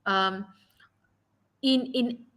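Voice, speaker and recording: A woman's voice: on the high side, drawn-out words, fairly bright tone. A Malaysian woman teaching an online English revision class, encouraging students and often repeating her phrases.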